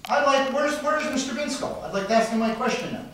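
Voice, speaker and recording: A man speaking loudly and insistently during public comment at a city council meeting, accusing officials. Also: very high-pitched, fast, slight background noise. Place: indoor city council chamber. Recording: echoey hall audio from a distant mic.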